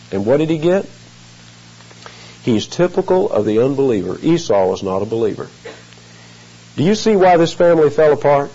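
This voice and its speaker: A man's voice: medium pitch, dark tone, husky. A man preaching an expository sermon, earnest and emphatic, stretching out key phrases. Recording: muffled lo-fi recording.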